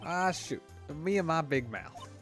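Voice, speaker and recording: A man voicing a gruff, blustering male police detective while reading game dialogue aloud. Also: on the high side, expressive, measured pace, a bit bright, faint music behind, pitched above the performer's own voice. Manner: blustering, calls people pal.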